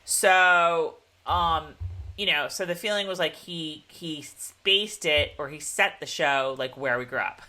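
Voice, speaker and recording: A woman's voice: low voice, slow, pushed and bright. A woman co-hosting a casual chat show, talking in a rambling, chatty way and laughing often. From Pennsylvania, USA. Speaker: co-host.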